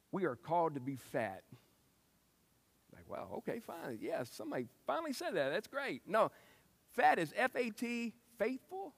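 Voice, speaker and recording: A man preaching a sermon, telling stories and acting out quotes with lively shifts. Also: mid-range voice. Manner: lively storytelling with acted-out quotes. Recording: long hall reverb.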